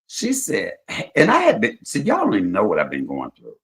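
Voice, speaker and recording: Animated low-voiced man telling stories. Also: a little fast, creaky. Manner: animated storytelling, swinging between loud and soft. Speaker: livestream host. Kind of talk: casual chat.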